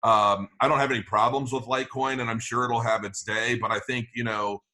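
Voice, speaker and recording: A man with a bright, forceful voice, giving a loose and rambling answer as an interview guest. He restarts his sentences often and leans on fillers while he works through his point. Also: medium pitch, steady tone, a little fast. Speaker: crypto channel guest. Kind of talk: conversational interview.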